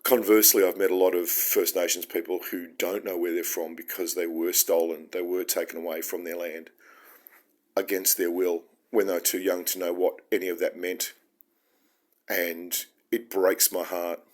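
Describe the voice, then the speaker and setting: A man's voice: deep voice, level tone, normal speed, darkish tone. An Australian man hosting his own show, talking through his feelings in an earnest, heartfelt and rambling solo monologue. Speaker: podcast host.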